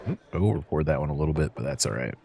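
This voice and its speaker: A man's voice: a bass voice, expressive, rapid-fire, gravelly, noisy background. A man hosting a let's-play, chatting to in-game customers as he serves drinks and counts out change. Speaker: gaming channel host. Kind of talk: relaxed let's-play commentary.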